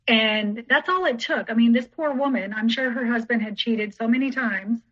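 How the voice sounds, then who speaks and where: A woman's voice: a little high, moderate pace, dull audio. A woman telling a story as a podcast guest in casual, rambling speech full of "like" and "you know".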